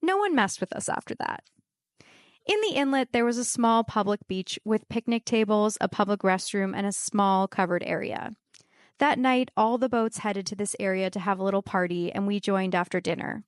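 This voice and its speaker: A woman telling a comedic true story to a live audience with wry, deadpan asides. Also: medium pitch, normal speed, no echo, studio quality.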